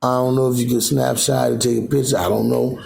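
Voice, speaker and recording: A man with a gravelly, creaky voice rambles into his phone camera from home. His talk is loose and repetitive, full of filler phrases and restarts, at a middling pitch. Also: little pitch movement, brisk, darkish tone. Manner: loose, repetitive, full of "you know what I'm saying". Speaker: vlogger. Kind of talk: rambling casual monologue. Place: at home in Alaska.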